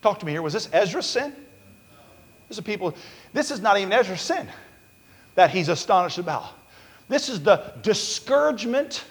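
A man preaching a sermon as pastor, with many fillers and restarts, building to repeated shouted warnings. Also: high-pitched, sing-song, normal speed, long pauses. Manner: preaching with rising shouts and repetition. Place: church sanctuary. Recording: long hall reverb.

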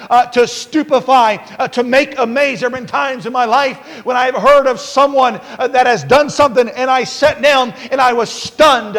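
A man preaching a sermon as pastor, with many fillers and restarts, building to repeated shouted warnings. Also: extremely high pitch. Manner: preaching with rising shouts and repetition. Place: church sanctuary. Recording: long hall reverb.

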